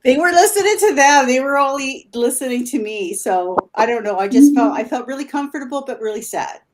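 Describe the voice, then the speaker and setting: A woman's voice: high voice, lively intonation, fairly quick, a little hiss or hum. A woman guest on a paranormal show, chatting casually over a video call, laughing often and trailing off mid-sentence.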